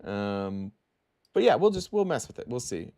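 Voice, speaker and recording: A man's voice: lowish voice, very animated, moderate pace, dark tone, dry recording, studio quality. A tired man hosting a casual live stream, reading viewer comments aloud in a loose, rambling way full of fillers.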